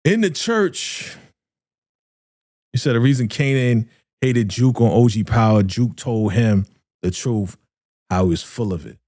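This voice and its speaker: Animated man hosting a slangy reaction stream. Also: medium pitch, a little slow, pauses often, no room sound, clean studio sound. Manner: animated, slangy, reads viewer comments aloud. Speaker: reaction show host. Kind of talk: live-stream fan reaction chat.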